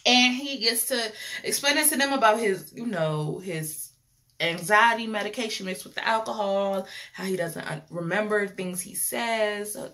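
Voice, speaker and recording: A woman's voice: medium pitch, moderate pace, bright, forceful tone. A young woman talks through a reality show episode. She is chatty and opinionated, repeats phrases and laughs often. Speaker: reality TV reviewer. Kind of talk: casual chat.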